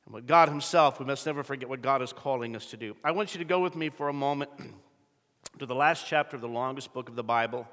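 A middle-aged man preaching to a congregation, telling a story and building to loud emphatic peaks, with frequent throat clearing. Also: mid-range voice, quick pace. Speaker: pastor. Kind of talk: sermon. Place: large church sanctuary. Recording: long reverb of a large hall.

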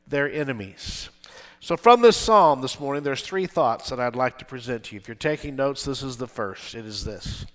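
Speaking in a fairly high, sharp-toned voice, an older man delivers an emphatic sermon from the pulpit of a balconied church. As pastor, he frequently calls on the congregation to answer back.

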